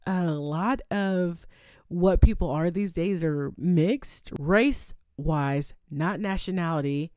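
A woman's voice: fairly low pitch, mellow, dry recording, clean studio sound. A young adult woman hosting her own podcast in a casual, chatty way, often adding "okay?" to her points. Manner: chatty, adds "okay?" tag questions. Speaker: podcast host. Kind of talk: casual solo podcast chat.

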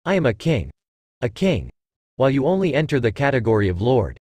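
Brief: huge arrogant dragon king, read by a man, lively pitch, dry sound. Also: a little fast, no echo. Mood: gloating.

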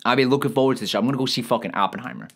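Man, comedic movie rant, profane, rambling, exasperated, rapid-fire. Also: medium pitch, a bit bright, breathy edge. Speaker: comedic ranting reviewer.

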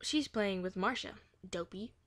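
A woman's voice: medium pitch, unhurried, a bit bright, dry recording, natural voice. Woman reading as a stubborn jealous little schoolgirl, earnest, kids' storybook.

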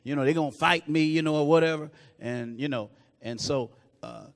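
A man preaches in a fairly high voice, and a long reverb from a church sanctuary trails behind each phrase. He keeps breaking in with "praise God", swells louder and slower on the key lines, then drops low and soft for asides. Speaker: pastor. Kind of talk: sermon.

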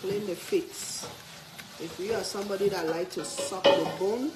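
Hosting a cooking livestream in casual chat, a playful woman laughs often and reads viewer comments aloud. Her mid-range voice moves at a moderate pace, and the recording sounds roomy and very noisy.

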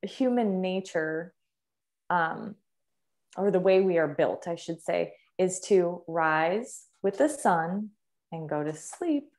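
A young woman with a slightly lower voice talks fitness and health as a podcast guest. She is enthusiastic and emphatic, stacking words and repeating them to drive each point home. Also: expressive, slow, a little mellow. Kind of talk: conversational podcast interview.

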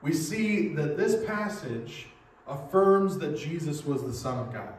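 A man's voice: fairly high pitch, animated, measured pace. A man, a pastor, preaching a sermon in a church and explaining his points earnestly with rhetorical questions. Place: church sanctuary. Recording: echoey hall, mic from a distance.

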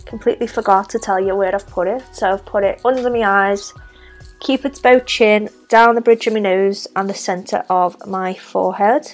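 A woman's voice: medium pitch, steady tone, normal speed, faint music behind. A young woman with a Scouse accent, chatting her way through a makeup tutorial step by step. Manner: chatty, talks through each step while applying makeup. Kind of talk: casual makeup tutorial narration.

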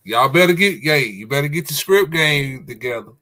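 A man co-hosting an online talk show, preaching with emphatic, drawn-out stresses in a casual call. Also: fairly high pitch, expressive, background noise. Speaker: podcast co-host. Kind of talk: casual religious discussion.

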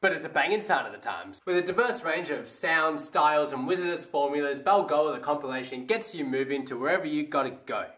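A man's voice: fairly high pitch, animated, fairly quick, few pauses, fairly bright tone. A man giving a comedic album review in a wry, sarcastic way, swearing freely. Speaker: music reviewer. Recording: echoey room with faint music.

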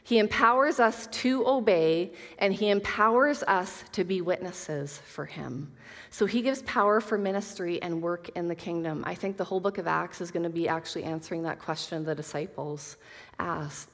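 A woman's voice: on the low side, normal speed, fairly bright tone. Woman teaching the Bible in an echoing hall. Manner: earnest, reads scripture aloud, casual asides. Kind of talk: Bible teaching to a women's group. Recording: long reverb of a hall.

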